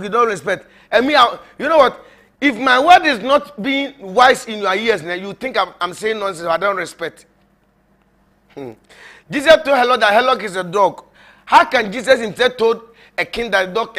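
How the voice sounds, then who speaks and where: A man's voice: high voice, expressive, moderate pace, fairly bright tone. A man preaching informally to viewers as a prophet, mocking and emphatic, often breaking into laughter and repeating himself. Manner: repetitive, rambling.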